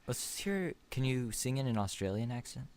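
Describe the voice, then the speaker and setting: A man co-hosting a casual podcast chat in a playful, teasing way, often jumping into high squeaky tones. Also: big pitch swings, moderate pace. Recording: loud guitar music behind.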